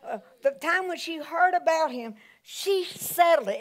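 Woman pastor, lively sermon delivery, slightly high voice, calls out often. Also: normal speed, few pauses. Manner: animated preaching with exclamations.

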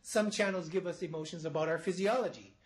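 A man's voice: on the high side, quick pace, rough recording. A man, a psychology professor, lecturing live to a studio audience in an explanatory way, often restarting his phrases. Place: university studio before an audience.

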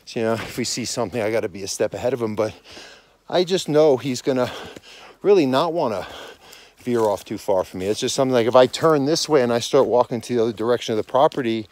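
A man's voice: mid-range voice, animated, fast, a little mellow, no echo. A man in his forties, out of breath, chatting casually as a dog-training podcast host while walking outdoors in the mountains. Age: 40s. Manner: rambling, self-correcting, conversational. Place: outdoors on a snowy mountain property at dusk.

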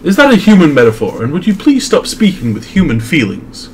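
A man playing a literal-minded male android officer who speaks flatly and precisely. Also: a little high, fairly quick, background noise. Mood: deadpan. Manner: flat, precise, overly literal. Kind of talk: comedic script reading.

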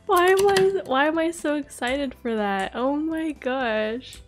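A young woman hosting a gaming channel, narrating her play live, excitable and quick to gasp and giggle. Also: high voice, faint music behind. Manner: excitable, gasping and giggling often. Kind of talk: live game commentary.

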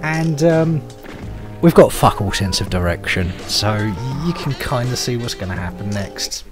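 A man chatting and swearing excitedly with friends while playing an online shooter game. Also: medium pitch, unhurried. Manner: excitable, swears a lot, laughs often. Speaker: gaming channel host. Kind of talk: casual gaming chat with friends. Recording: game audio mixed with background music.

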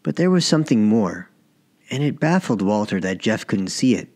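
A man narrating his own short story as an audiobook, in a measured, even reading. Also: on the low side. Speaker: author and narrator.

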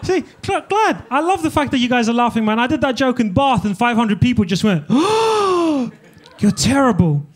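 A man's voice: very high voice, lively intonation, fairly quick, hardly any pauses. A young man from Eastern Europe doing a stand-up comedy set on a club stage, talking with the crowd in a laid-back, profane way.

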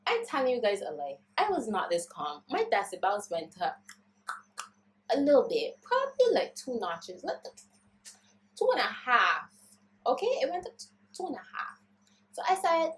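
Animated, high-pitched woman ranting. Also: normal speed, a little hiss or hum, rough recording. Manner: dramatic, acts out her own voice and others, swings between calm and shouting. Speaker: vlogger. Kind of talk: animated storytime rant.

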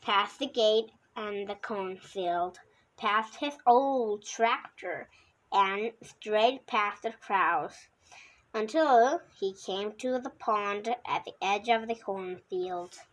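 In a mid-range, fairly bright voice, a woman takes her time reading a children's picture book aloud, making a few slips and restarting. The audio is poor.

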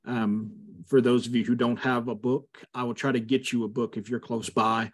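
A man's voice: mid-range voice, level tone, normal speed. A male pastor leading a Bible study over a video call, talking conversationally with frequent fillers and emphatic asides.

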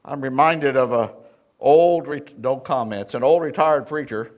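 A man's voice: mid-range voice, normal speed. A man preaching a sermon in a church, telling folksy stories with a Southern Indiana accent and calling out questions to the congregation. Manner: folksy storytelling preacher, call and response. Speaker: pastor.

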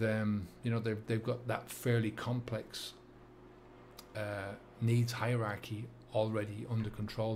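A middle-aged man with a Dublin accent, talking to camera as a sobriety coach, earnest and halting with many fillers and restarts. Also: fairly low pitch, a little mellow, slight background noise. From England and Ireland. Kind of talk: reflective monologue to camera.

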